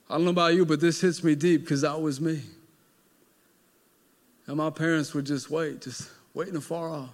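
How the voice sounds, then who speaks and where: A male pastor preaching a sermon with dramatic storytelling, swinging between loud emphasis and hushed moments. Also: fairly high pitch, fairly even intonation, moderate pace.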